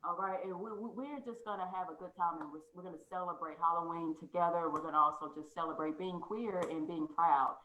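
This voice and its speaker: A woman hosting a casual chat, loose and joking, quick to laugh. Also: lowish voice, sharp tone, lo-fi sound, a little hiss or hum. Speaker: host. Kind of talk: casual video call chat. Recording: echoey room.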